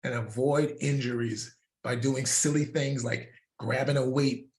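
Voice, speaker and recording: An older man coaching fitness, talking in a loose, storytelling way with laughs now and then. His voice sits at an ordinary middle pitch. The room adds a noticeable echo. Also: measured pace. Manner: animated storytelling with laughs and repeated words. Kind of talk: casual instructional talk. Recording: roomy echo.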